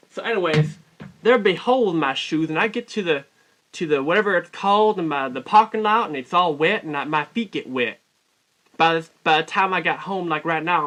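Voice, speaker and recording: A man rambles through a deadpan comic monologue in a put-on Southern US drawl. His voice is bright and ringing, a little high for a man. He keeps correcting himself in a mock-folksy way. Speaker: comic storyteller.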